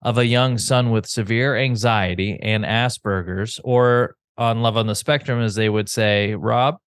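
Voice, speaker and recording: A male podcast host reading listener letters aloud, halting and hesitant over names. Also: on the low side, fairly even intonation, clean tone, dry recording, clean studio sound.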